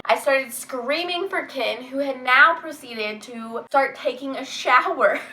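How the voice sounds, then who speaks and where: A woman's voice: high-pitched, sharp tone, rough recording. A young woman vlogger telling a story to camera in a chatty way, filling her talk with "like" and acting out her own panicked reactions.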